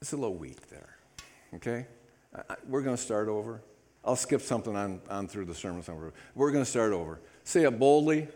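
A man preaching as pastor, leading the congregation in loud recitation. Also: lowish voice, animated, brisk. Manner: leads congregation in loud call-and-response recitation. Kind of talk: sermon. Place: church sanctuary. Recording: echoey church hall.

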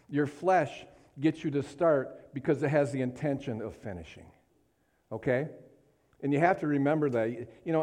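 A dark-toned man speaking on the high side preaches with emphasis and fervor. He repeatedly calls for an amen from the congregation and reaches impassioned peaks.

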